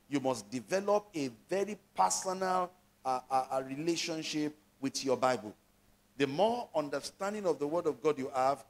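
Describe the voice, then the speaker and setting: A male pastor delivers a sermon, reading Bible verses aloud and explaining them. His voice sits a little above the usual pitch for a man. He keeps turning to his listeners with questions as he preaches. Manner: preaching with call-and-response questions.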